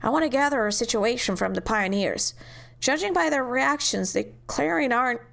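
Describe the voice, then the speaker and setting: A woman's voice: fairly high pitch, animated, normal speed, creaky, fairly bright tone. A woman voicing an earnest, caring young doctor with a British accent while reading game cutscenes.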